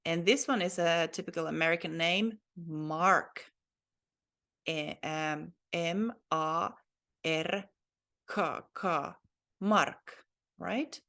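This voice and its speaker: A woman with a low, gravelly voice teaches a recorded lesson at a very unhurried pace. She works through each word carefully and often hedges about whether she has it right. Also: sharp tone. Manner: slow, careful, spells out letters and often admits she is unsure. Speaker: language teacher.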